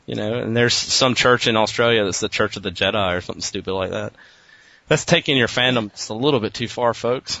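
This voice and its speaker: A man's voice: medium pitch, quick pace, a bit bright, no echo. A man co-hosting a casual chat, joking and offering strong opinions. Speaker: podcast co-host. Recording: dry, dull lo-fi sound.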